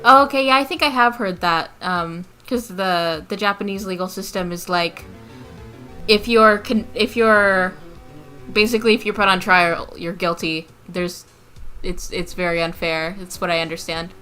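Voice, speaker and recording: A woman's voice: lowish voice, moderate pace, pushed and bright, soft background music. Chatty, giggly young woman streamer. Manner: chatty, giggly, self-deprecating. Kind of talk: casual game playthrough commentary.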